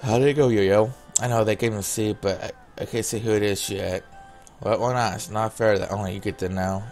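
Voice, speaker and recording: Low gravelly man reading game text. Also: fairly even intonation, a little fast, faint music behind. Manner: reads all the character lines in a plain voice, breaking off for casual comments. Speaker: gamer reading a visual novel aloud. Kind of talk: reading game dialogue aloud with asides.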